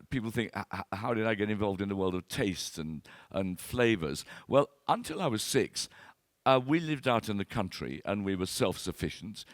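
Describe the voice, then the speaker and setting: A man past sixty with a lowish voice tells comic stories about himself to a live audience. He halts, repeats words and scatters fillers as he goes, and lands his punchlines with timing. The sound is dry and close, with no room echo. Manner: self-deprecating storyteller with comic timing. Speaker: wine expert speaker. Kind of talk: anecdotal talk to an audience.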